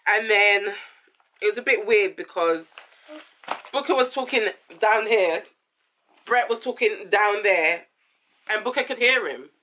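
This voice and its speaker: A woman chats casually through her review, rambling and correcting herself as she goes. Her voice is bright and forceful. Faint noise hums behind her. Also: medium pitch, unhurried, pauses often. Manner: chatty, rambling, self-correcting, says "it is what it is". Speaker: host reviewing a reality TV episode. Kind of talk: casual chat.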